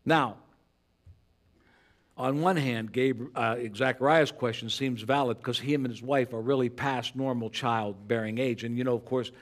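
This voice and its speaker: An older pastor in his sixties delivering a sermon in church, earnest and conversational, dropping soft and low then rising loud for emphasis. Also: fairly even intonation, moderate pace. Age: 60s. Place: church sanctuary.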